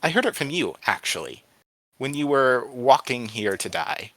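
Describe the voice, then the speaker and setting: A sly old wind spirit talks in a small, candid, wheedling voice, pitched a little higher than a plain man's speech, as a man reads it out. The tone is bright and forceful. The recording is dry and close. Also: big pitch swings, moderate pace, no echo.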